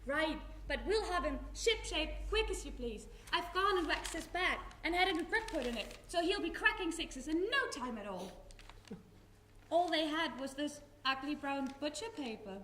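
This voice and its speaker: A woman's voice: sits high, lively intonation, normal speed, sharp tone, a little hiss or hum. A woman acting a doting, anxious wartime mother in a live stage play, fussing over her family. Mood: chatty. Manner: fussy, anxious, coddling. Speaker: stage actor. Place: theatre stage. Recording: echoey theatre stage from a distance.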